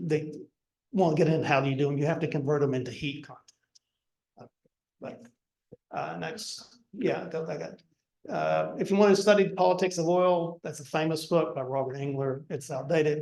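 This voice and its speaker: Older man lecturing in an echoey room. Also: a little high. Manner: relaxed, digressive, dry asides. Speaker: guest lecturer. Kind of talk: slide lecture to a club audience.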